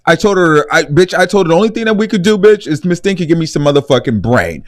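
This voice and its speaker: A young man hosts a live stream, ranting bluntly and swearing freely. His voice sits a little high and swings widely in pitch. He talks in quick bursts. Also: big pitch swings. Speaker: host.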